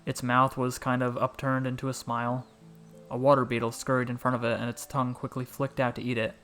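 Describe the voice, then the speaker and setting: A young adult man narrating a scripted story in a calm, measured, softly spoken way. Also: medium pitch, soft background music.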